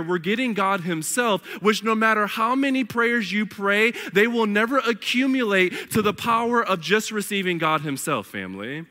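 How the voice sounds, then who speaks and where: Male pastor, high bright voice, emphatic sermon with casual slang asides, long church reverb. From northern United States. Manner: emphatic preaching, addresses the congregation as beloved and family. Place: church sanctuary.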